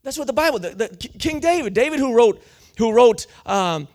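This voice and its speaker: A man preaching a sermon with fervor, slangy and full of restarts, often building up to shouting. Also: extremely high pitch, animated, fairly quick.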